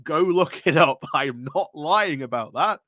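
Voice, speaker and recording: A chatty man delivering casual news commentary with a wry, amused edge. His voice sits a little high for a man. The sound is close and dry. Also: animated, a little slow, fairly bright tone, no room sound. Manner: chatty, wry, laughs often. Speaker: YouTube political commentator.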